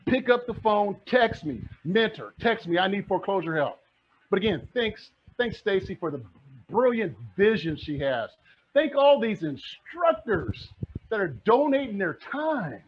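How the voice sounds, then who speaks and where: Fiery husky-voiced man selling real estate. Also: high voice, very animated, unhurried. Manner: fiery, passionate, repeats lines for emphasis. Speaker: real estate investor giving a presentation. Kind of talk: energetic motivational talk. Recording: dull lo-fi recording.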